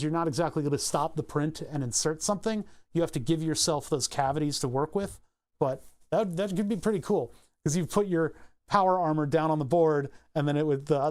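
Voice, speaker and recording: A man's voice: fairly high pitch, darkish tone. A man with a Philadelphia accent chatting casually on a livestream, rambling through tangents and laughing easily. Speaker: streamer.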